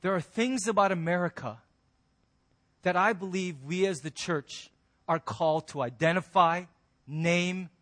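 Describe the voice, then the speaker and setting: A man preaching a sermon as a pastor, emphatic and humorous, swinging between loud punches and quiet, soft endings. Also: sits high, measured pace.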